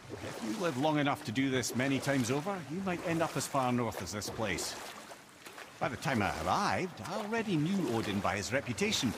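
A man's voice: medium pitch, lightly acted. An actor playing a sly, worldly older male storyteller who tells tales with dry, wry asides, heard as game audio under noisy ambience.

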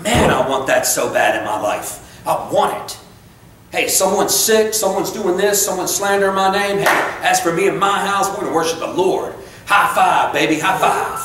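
A man preaching a sermon in a church, fired up and conversational, breaking off into quick asides and correcting himself. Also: a little high. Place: church sanctuary. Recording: very echoey church room, voice from far off, faint noise.

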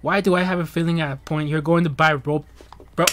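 A man's voice: on the high side, fairly even intonation, background noise. A young man hosting a livestream, chatting casually and rambling with lots of laughs and jokes. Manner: rambling, joking, laughs often, drawn-out bits. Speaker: livestream host.

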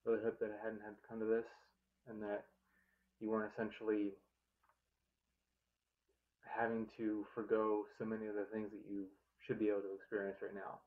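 A man's voice: fairly low pitch, completely flat delivery, fairly quick, long pauses. A man teacher giving a sincere video message to his students. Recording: tinny phone-like audio.

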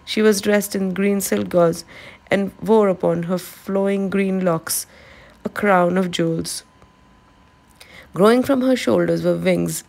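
Woman, storybook narration, calm, gravelly, lower pitch.

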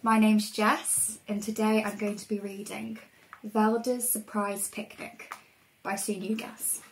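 A woman reading a storybook aloud to children in a lively, expressive way. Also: mid-range voice, a little slow, a little hiss or hum, low-quality recording. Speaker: reader.

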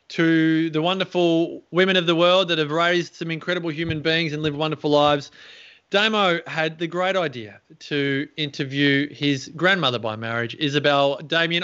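A man's voice: fairly high pitch, bright, forceful tone, clear, resonant tone, dull audio. A man hosting an interview show, upbeat and enthusiastic in his presenting. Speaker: podcast host.

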